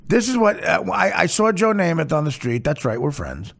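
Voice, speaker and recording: Podcast host guy, gravelly voice, swings way up and down, foul-mouthed rambling jokes. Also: a little high, normal speed. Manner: crude, profane, joking with deadpan asides. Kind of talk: casual rambling monologue.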